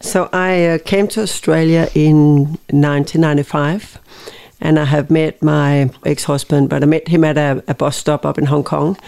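This winery owner from Denmark, a woman in her fifties, talks thoughtfully as a podcast guest, frequently restarting phrases in her Danish accent. She has a low, steady, gravelly and mellow voice and keeps a moderate pace.

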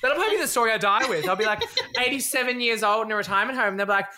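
Lively, high-voiced woman. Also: rapid-fire. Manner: animated, laughs often, acts out voices. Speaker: podcast co-host. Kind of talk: casual chat, storytelling.

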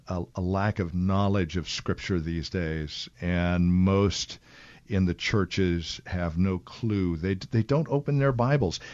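A man's voice: mid-range voice, darkish tone. A man hosting a Christian radio talk show, chatty and folksy, who laughs easily. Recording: lo-fi radio broadcast.

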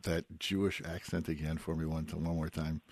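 A man's voice: rumbling low, level tone, normal speed, a little mellow, slightly rough, no echo. An American radio host interviewing a guest in a chatty way, often repeating words as he starts a sentence. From United States. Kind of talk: casual interview.

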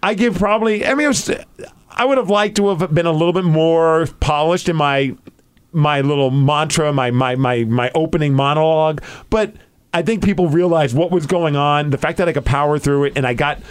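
A young man hosting a podcast, telling a story in an excited, rambling way and saying "like" a lot. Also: on the high side, fairly quick, clear, resonant tone. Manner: excited, rambling, heavy use of "like". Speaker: podcast host.

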